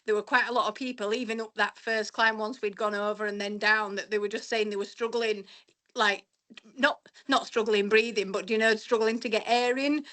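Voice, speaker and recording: A woman's voice: medium pitch, fairly even intonation, moderate pace, sharp tone. A woman chatting casually on a podcast, rambling a little and restarting her sentences. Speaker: podcast co-host and race runner.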